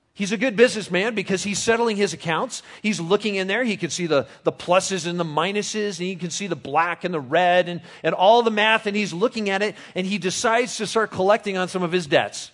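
A middle-aged man delivers a sermon with a somewhat high voice. He talks to the congregation casually, teasing them and asking them questions. He moves between reading scripture aloud and explaining it in his own words. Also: fairly bright tone. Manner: conversational, jokes with the congregation. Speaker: pastor.

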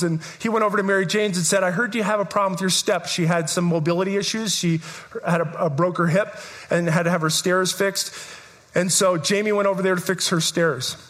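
A man's voice: high-pitched, fairly bright tone. A middle-aged man preaching a sermon as pastor, telling stories earnestly, often restarting and repeating words.

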